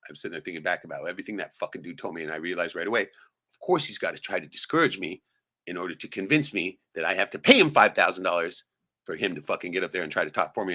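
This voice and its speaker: Middle-aged male streamer, low and punchy, profane rambling rant with a constant "right?". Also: bright, forceful tone. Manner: profane and rambling, tags nearly every point with "right?". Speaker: live streamer. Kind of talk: late-night venting rant on a live stream. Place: his home, late at night.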